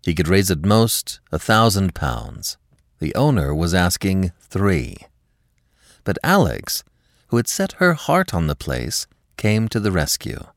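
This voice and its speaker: Low-voiced, expressive male storyteller. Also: a little slow, dry recording, studio quality. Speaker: podcast narrator. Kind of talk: audiobook narration.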